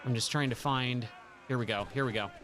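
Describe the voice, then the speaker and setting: A man's voice: mid-range voice, a little fast, noisy background. A man streaming a video game late at night, chatting casually and enthusiastically about the game and laughing often. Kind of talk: casual gameplay commentary.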